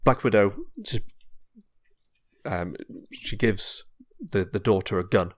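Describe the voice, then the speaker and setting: Rambling man pitching a story. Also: takes it slowly, a bit bright. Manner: rambling, repeats words, trails off into fillers. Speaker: podcast host. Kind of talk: casual comedic pitch narration.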